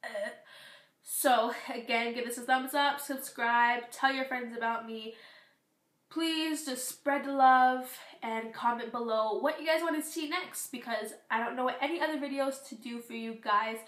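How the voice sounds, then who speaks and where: A teenage girl chatting through a beauty product review, rambling with fillers, her voice going hoarse. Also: fairly high pitch, moderate pace, fairly bright tone, reverberant. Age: teens. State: losing her voice. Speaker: beauty vlogger. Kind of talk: casual product review vlog.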